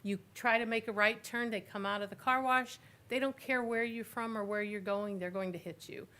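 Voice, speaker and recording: A woman's voice: a little high, fairly even intonation, moderate pace, pushed and bright. A woman giving public comment at a city council hearing, emphatic and insistent, repeating her points. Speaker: resident speaking at public hearing.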